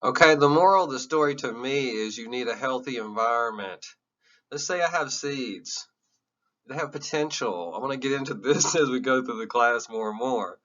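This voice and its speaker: A man's voice: medium pitch, a bit bright, distant mic, dull audio. A man giving an emotional, earnest classroom lecture, candid and sometimes swearing. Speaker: teacher.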